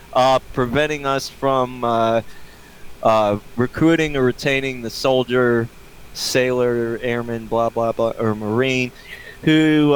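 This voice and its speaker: A man's voice: medium pitch, slight background noise, low-quality recording. A man co-hosting a podcast in casual chat, making crude, offhand jokes. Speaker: podcast co-host.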